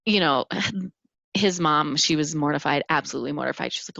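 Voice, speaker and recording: A woman in her thirties hosts a solo podcast in a low, grounded voice. She talks earnestly and haltingly, restarting her sentences often. The sound is dry and a little dull. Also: creaky, a bit bright, dry recording. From Minnesota. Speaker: podcast host. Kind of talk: reflective solo podcast talk.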